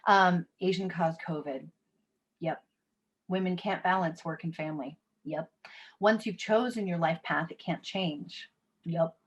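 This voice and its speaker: A woman's voice: on the low side, lo-fi sound. Woman leading an online workshop. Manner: conversational, reads audience chat aloud. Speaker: workshop facilitator. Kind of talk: live online workshop talk.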